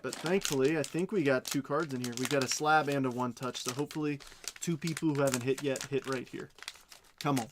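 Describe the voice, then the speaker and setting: A man's voice: mid-range voice, fairly even intonation, background noise. Man rattling off trading cards. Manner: rapid rundown of cards, chatting with viewers. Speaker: card break host. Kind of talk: live card break stream.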